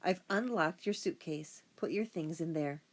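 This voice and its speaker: A woman's voice: on the low side, measured pace. Woman voicing a kind practical aunt. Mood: calm. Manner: gentle, matter-of-fact instructions. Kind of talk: audiobook reading.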